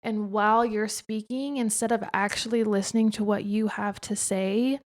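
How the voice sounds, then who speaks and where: A young woman chats freely on her own podcast while her husband interviews her. She is expressive and talks in a loose, conversational way, with plenty of "like"s. Her voice sits at an ordinary middle pitch for a woman. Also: normal speed. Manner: chatty and expressive, frequent filler "like". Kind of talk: casual conversational chat.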